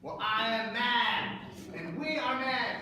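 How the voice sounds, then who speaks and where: A woman's voice: fairly high pitch, slow pace. A woman playing a cranky male co-host in a children's church skit, chanting and ranting playfully about being mad. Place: large hall. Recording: echoey hall from far off, with crowd and noise.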